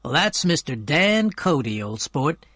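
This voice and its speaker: A man voicing a charming, wealthy young gentleman who speaks politely and easily. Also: fairly high pitch, big pitch swings, unhurried, no room sound, clean studio sound, full character voice. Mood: wistful.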